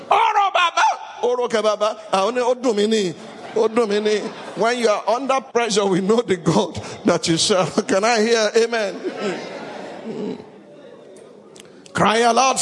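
Call-and-response fills this sermon as a man reads Bible passages and shouts dramatically to his congregation. His voice is high and husky, and the sound carries the echo of a large hall.

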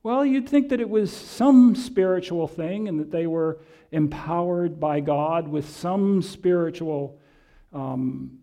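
Mellow-voiced male preacher, conversational. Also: on the high side. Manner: conversational, with many pauses and fillers; reads and re-reads scripture quotations. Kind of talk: sermon with scripture reading.

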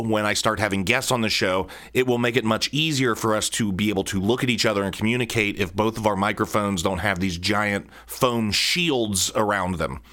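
A man's voice: fairly low pitch, sharp tone. A man hosting his own podcast from a home studio office, talking casually with jokey, rambling asides into a studio microphone. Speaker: podcast host. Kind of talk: casual solo podcast monologue. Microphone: studio microphone on a stand.

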